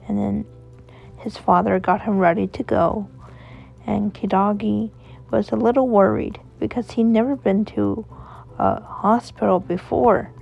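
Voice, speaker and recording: A woman reading a children's story aloud in a slow, soothing way, with a husky, gravelly voice. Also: medium pitch, lively intonation, darkish tone. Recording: dull lo-fi recording with faint music.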